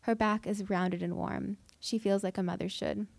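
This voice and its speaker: A woman, a fiction writer, reading her own prose aloud at an event with measured, deliberate delivery. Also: medium pitch, fairly even intonation, vocal fry, a little mellow, no room sound. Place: event hall.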